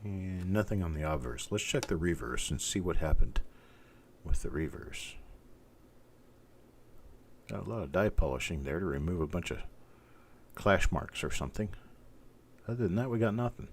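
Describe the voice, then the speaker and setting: Deep-voiced man hosting a live coin stream. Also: moderate pace, pauses often, slight background noise. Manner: calm, methodical, talks while inspecting coins, greets viewers by name. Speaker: host.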